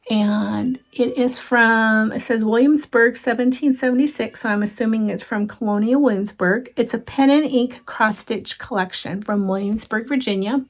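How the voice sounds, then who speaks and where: Slow, gravelly-voiced woman showing crafts. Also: on the high side. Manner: chatty, gushing, with frequent ums and soft asides. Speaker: cross-stitch vlogger. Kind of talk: casual show-and-tell chat.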